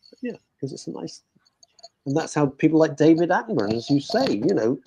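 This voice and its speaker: A man hosting a radio chat show, talking in a chatty, animated way that sometimes drops to a hushed aside. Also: fairly high pitch, a little fast, vocal fry, slight background noise. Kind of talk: casual chat.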